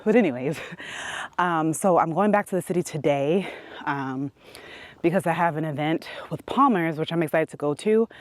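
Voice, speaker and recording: A beauty vlogger from New York City walks along a quiet country road, slightly out of breath as she tells a story in a casual vlog, acting out quotes and laughing. Her voice sits low and moves at normal speed, recorded dry.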